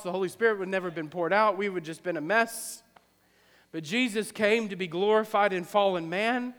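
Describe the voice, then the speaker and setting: A male pastor with a high voice delivers a sermon in a church sanctuary. He repeats his phrases for emphasis and moves between hushed and loud passages. The sound carries a long hall reverb. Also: a little fast. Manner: impassioned, repetitive preaching that swings from hushed to loud.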